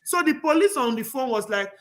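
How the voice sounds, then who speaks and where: A man's voice: extremely high pitch, lively intonation, a little fast. A man hosting a casual panel discussion, talking earnestly and rambling through stories with frequent restarts. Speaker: talk show host.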